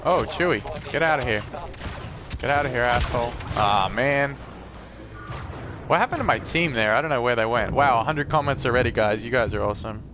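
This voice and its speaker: A man's voice: mid-range voice, expressive, fairly quick, noisy background. A man hosting a live gameplay stream in a casual, chatty way, talking to viewers and reacting to the game as he plays.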